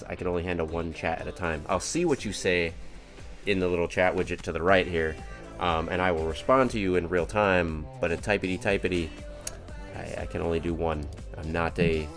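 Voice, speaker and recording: A man streaming a racing game live, chatting casually to viewers in a rambling, upbeat, self-mocking way. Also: deep voice. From United States.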